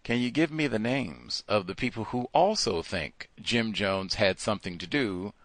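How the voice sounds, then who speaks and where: Guy hosting a talk show, lower voice but swings all over, dry close sound, keeps repeating words to hammer a point. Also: moderate pace, no echo. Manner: animated, emphatic, repeats words for stress. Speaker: host. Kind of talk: call-in radio talk monologue.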